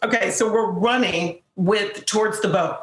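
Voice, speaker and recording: A woman tells a story in an animated way and slips into the voices of the people in it. Her voice sits mid-pitch and carries a roomy echo. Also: normal speed. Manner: animated storyteller, acts out quotes. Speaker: guest. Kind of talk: casual anecdote.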